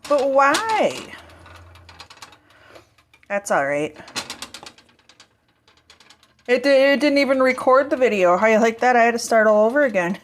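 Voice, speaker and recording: A woman's voice: a little high, expressive, fast talker, hardly any pauses. A woman vlogger chatting casually to her phone camera while cooking in her home kitchen, folksy and easygoing.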